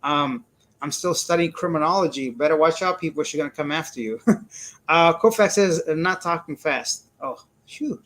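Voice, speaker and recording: A man's voice: on the high side, moderate pace, a bit bright. A man hosting a casual live stream, chatty and laughing often as he greets viewers and reads their comments aloud. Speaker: livestream host reading chat. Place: indoors, living in Cebu.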